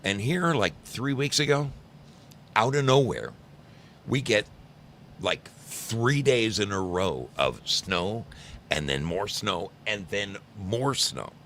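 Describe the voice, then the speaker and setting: Low-voiced guy in his 60s, from new jersey, talks to his stream chat, lively ups and downs, jokey and rambly. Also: slow, a little hiss or hum. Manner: rambling, teasing, chatty storyteller. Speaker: livestream host. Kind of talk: casual chat with live chat viewers.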